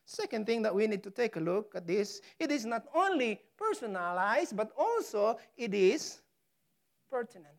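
A woman preaching a sermon, stressing key words hard and pausing for effect. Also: on the high side, big pitch swings, gravelly. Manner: emphatic, dramatic pauses on key words; slow, deliberate delivery. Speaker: pastor.

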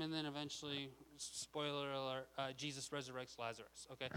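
A man's voice: on the high side, little pitch movement, fairly quick, hardly any pauses, sharp tone, a little hiss or hum, rough recording. A man preaching a casual, chatty sermon, often checking in with "okay?".

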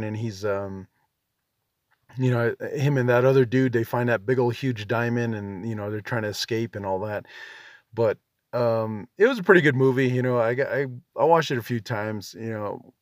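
A man's voice: mid-range voice, moderate pace, no echo, studio quality. A man in his forties, a veteran hosting a podcast, rambling in a casual, self-deprecating monologue full of "you know" and "um". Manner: laid-back, self-deprecating.

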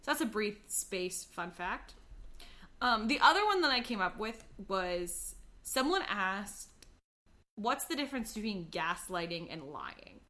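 A chatty woman co-hosting a podcast, her voice bright and forward. She talks through facts casually, stopping for plenty of ums along the way. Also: mid-range voice, animated, a little slow. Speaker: podcast co-host. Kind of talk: casual chat.

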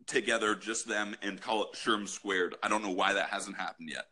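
A man's voice: fairly low pitch, normal speed, bright, forceful tone. A man hosting a casual podcast chat, teasing his guest and laughing often.

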